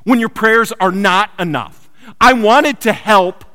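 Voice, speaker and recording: A man preaching a sermon built around a personal story, swinging from loud urgent lines to quiet hushed ones. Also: sits high, slow, clear, resonant tone. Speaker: pastor. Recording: long hall reverb.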